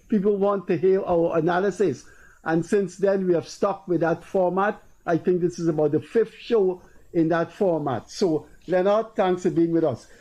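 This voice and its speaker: A Guyanese man hosts a political talk show, speaking higher than most men but with a dark, mellow tone. He tells long stories and keeps repeating his points with emphasis, switching to a raised voice when he quotes others. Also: rough recording. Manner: storytelling, acting out quoted people in a raised voice. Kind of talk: casual political commentary.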